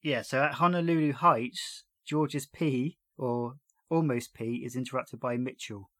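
A man's voice: medium pitch, measured pace, a bit bright, no echo. A man hosting a casual podcast, chatting about a TV series episode and retelling scenes with frequent laughs. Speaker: podcast host.

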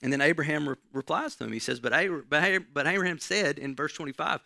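A man preaching a sermon in a gravelly, bright voice. He teaches in a conversational way and keeps checking in with his listeners. The sound is dry and close. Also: a little high, quick pace, hardly any pauses, no room sound. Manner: conversational teaching, frequent "right?" asides.

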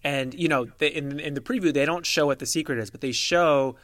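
A man co-hosting a podcast in casual gossip chat, measured and analytical, often mimicking people he quotes. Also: fairly high pitch, a bit bright, no echo, studio quality. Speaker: podcast co-host.

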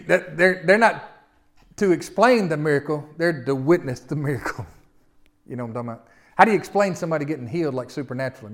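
A man with a Southern American accent preaching a sermon, reading scripture slowly and explaining it in a folksy way with rhetorical questions. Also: fairly high pitch. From Southern United States. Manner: reads scripture slowly, then talks through it.

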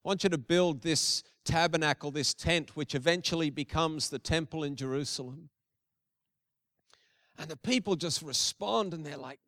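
High-voiced, smooth-toned male pastor preaching. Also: moderate pace, fairly bright tone, dry recording, clean studio sound. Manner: conversational preaching with emphatic repetition. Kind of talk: sermon.

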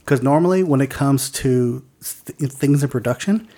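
A man's voice: medium pitch, normal speed, warm tone. A man co-hosting a casual podcast, reading news items aloud with lots of fillers and stumbles. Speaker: podcast co-host.

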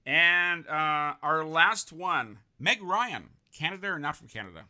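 Upbeat quiz host guy, bright voice, bouncy pitch. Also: expressive, unhurried. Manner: upbeat, encouraging, reads names off a list. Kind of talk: casual quiz chat.

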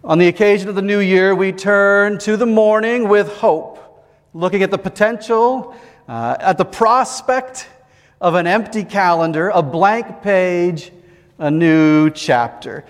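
A male pastor preaching a sermon in a measured, reflective way, with deliberate pauses. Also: high-pitched, clear, resonant tone, in a large hall.

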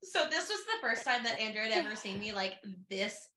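A woman's voice: on the high side, sing-song, fairly quick, sharp tone, roomy sound. A woman co-hosting a book podcast, reading passages aloud and chatting emotionally with laughter. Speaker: podcast co-host. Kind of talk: casual book discussion podcast.

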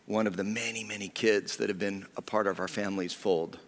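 A pastor delivers a personal sermon, speaking from the heart and often sinking to a near whisper. His voice sits on the lower side. A long reverb from the church hall hangs on every phrase. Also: steady tone, a little fast. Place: church sanctuary.

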